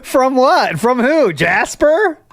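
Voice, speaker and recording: Teasing host with a lively voice. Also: high-pitched, slow. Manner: teasing, playful. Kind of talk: casual stream chat.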